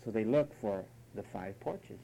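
A man's voice: on the low side, a little slow, creaky, mellow, a little hiss or hum, rough recording. A man preaching a sermon, emphatic and mocking, at times imitating whiny voices.

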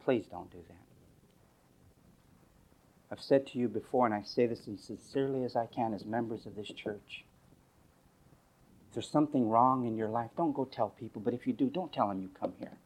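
Speaking at normal speed with long pauses, this male pastor's sermon is sarcastic, mocking storytelling that lurches from loud outbursts to quiet asides.

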